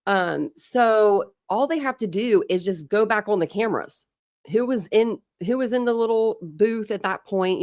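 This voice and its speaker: Woman livestream host, chatty and upbeat, lowish voice, close and dry. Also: darkish tone, dry recording. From Ohio, USA. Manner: chatty, greets viewers by name, laughs often. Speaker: true crime livestream host. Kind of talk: casual live-stream chat.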